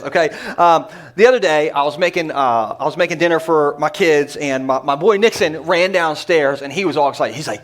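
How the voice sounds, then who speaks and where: A male pastor preaching to a church congregation in a joking, energetic manner with quick asides. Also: on the high side. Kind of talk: humorous sermon. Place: church sanctuary before a congregation.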